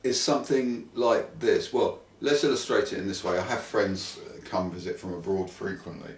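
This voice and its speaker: A man hosts a comic chat with dry wit and sudden theatrical rants. His voice sits a little low. The room is echoey and he is some way from the mic. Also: fairly even intonation, moderate pace. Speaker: co-host. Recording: roomy echo, distant mic.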